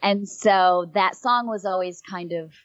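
A woman's voice: mid-range voice, measured pace, dry recording. A middle-aged woman telling a personal story in casual chat, rambling a little with frequent fillers. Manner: rambling, fills with um and like. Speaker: guest. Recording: dull, slightly lo-fi dry sound.

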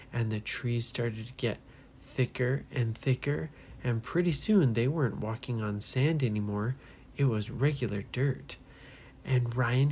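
A woman spins a children's adventure tale in a very deep, husky voice. She takes her time, unhurried and gentle. At tense moments she drops into a hushed whisper. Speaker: storyteller. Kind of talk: bedtime-style adventure storytelling.

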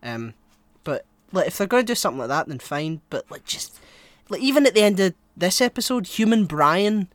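A man co-hosting a podcast, chatting casually and rambling, with loud outbursts between mumbled asides. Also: sits high, very animated, brisk, few pauses, dry recording. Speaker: podcast co-host.

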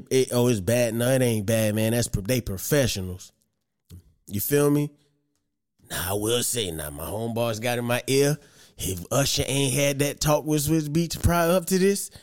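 A young adult man hosting a podcast, giving his opinions in a lively, profane, slang-heavy monologue. He keeps asking rhetorical questions. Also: a little high. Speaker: podcast host.

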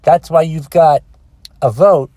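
A man's voice: on the high side, takes it slowly, dark tone, no echo. Profane, exasperated man ranting solo. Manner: exasperated, profane, rambling with restarts. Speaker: solo podcaster. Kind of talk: casual rant. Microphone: phone.

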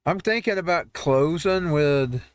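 A man's voice: fairly high pitch, expressive, unhurried, clear, resonant tone, no echo. A man hosting a home-made show, ranting over news headlines in a heated, rambling way with frequent restarts. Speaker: host. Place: home newsroom studio.

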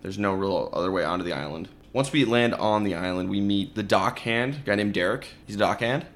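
A man hosting a podcast, recapping a movie in a sarcastic, animated way. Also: lowish voice, brisk, a little hiss or hum. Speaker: podcast host. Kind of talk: casual movie review chat.

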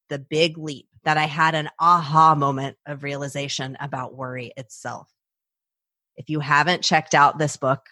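A woman's voice: low-pitched, fairly bright tone, slightly rough, no echo, studio quality. A woman hosting a personal podcast, talking animatedly and acting out her own anxious inner thoughts. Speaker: podcast host.

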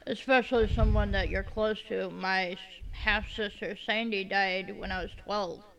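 A woman in a casual chat with a mid-pitched voice. She tells personal stories plainly and earnestly, and she tosses quick dry comments back and forth with her co-host. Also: fairly even intonation, gravelly, fairly bright tone, rough recording.

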